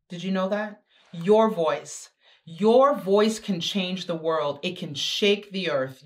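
Emphatic, sassy woman giving a motivational talk. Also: lowish voice. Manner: emphatic, repetitive exhortation with sudden swings in pace; chatty and sassy asides. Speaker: guest speaker. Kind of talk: motivational talk to teenage girls.

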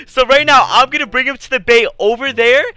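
A man's voice: very high-pitched, brisk, sharp tone, clear, resonant tone, low-quality recording. A young male gaming channel host narrating a prank in a hyped, teasing way. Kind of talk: gaming video commentary.

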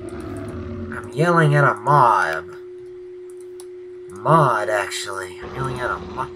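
A young man giving Let's Play commentary, shifting between quiet muttering and yelling at the game. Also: lowish voice, slow pace, long pauses, slight background noise. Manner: excitable, yells at the game, then mutters quietly. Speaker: gaming channel host.

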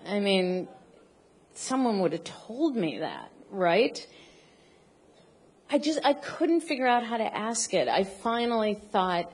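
A middle-aged woman telling a funny personal story on stage, halting and self-deprecating, often restarting her sentences. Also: medium pitch, sing-song, a little mellow, breathy edge.

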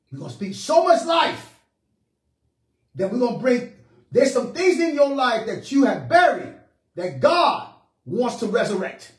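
A man preaching a charismatic sermon with fervor, moving from shouts to hushed prayer. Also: very high-pitched, big pitch swings, measured pace, long pauses. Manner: fervent, swings between shouting and hushed prayer. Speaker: pastor. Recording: echoey room, mic at a distance.

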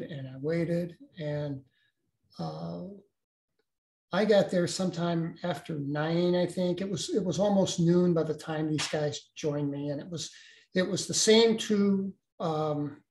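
An older man, a guest, recounting a personal experience in a halting way with many restarts. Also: on the high side, fairly even intonation, darkish tone, roomy sound.

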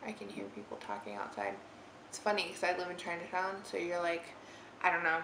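Brisk and lowish-voiced with big swings in pitch, a young woman talks through her makeup routine in a roomy living room. Her chatter is rambling, giggly and packed with "like," and there's a noisy background plus faint room ambience.

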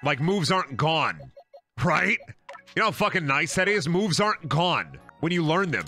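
Lively joking young man streaming a game. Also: fairly high pitch, moderate pace. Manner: joking, rambling, swears freely. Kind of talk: casual game stream commentary. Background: faint game music.

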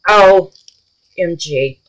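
A woman chatting through a crafting vlog, gushing and excitable, calling her viewers babies and y'all, dropping from squeals to hushed murmurs. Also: lowish voice, extremely slow, rough recording. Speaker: resin crafter, channel host.

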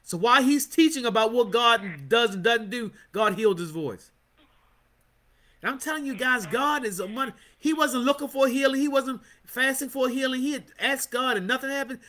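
A man's voice: very high voice, moderate pace, bright, forceful tone. A man teaching a Bible study as a sermon, fervent and punctuated with amens and calls to praise. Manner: fervent, call-and-response with amens.

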